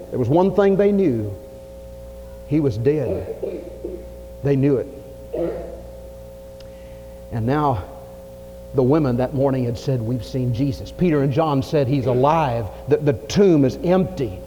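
A man preaching a folksy sermon, his voice swinging from loud to hushed. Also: a little high. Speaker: pastor. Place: church sanctuary. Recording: lo-fi 1980s church tape with long reverb and faint hiss.

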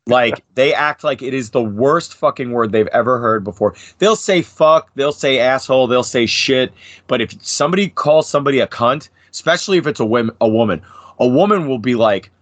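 A man's voice: mid-range voice, fairly quick, no echo. A man in his thirties from New Jersey with an American accent, a podcast guest chatting casually, swearing a lot and rambling through his stories. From New Jersey, USA. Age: 30s. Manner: profane, rambling, lively impressions. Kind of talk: casual chat.

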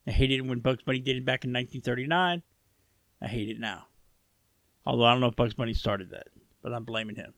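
A man's voice: medium pitch, steady tone, quick pace, pauses often, fairly bright tone, no room sound. A man co-hosting a casual podcast chat, stubborn and sarcastic, who swears freely and argues for fun. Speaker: podcast co-host.

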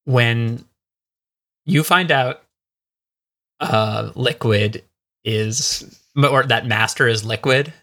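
Gravelly-voiced podcast co-host. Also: male voice, mid-range voice, very slow, pauses often, bright, forceful tone. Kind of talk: casual chat.

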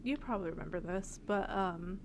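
This podcast co-host is a young woman whose lowish voice is gravelly and brisk. Her casual chat rambles along, packed with fillers and laughs, over a slight background noise.

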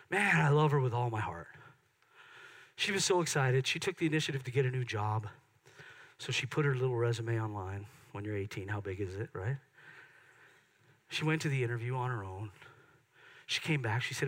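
A middle-aged man preaching a sermon in church, swinging from excited loud peaks to soft hushed moments. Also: medium pitch. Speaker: pastor. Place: church sanctuary.

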